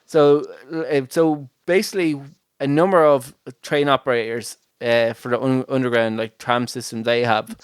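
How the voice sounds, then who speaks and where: A podcast host talks casually from home, rambling through filler words and often breaking into laughter. His voice is smooth and clear, at a middle pitch, recorded close and dry with no room sound. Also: steady tone, moderate pace, no echo. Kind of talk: casual chat.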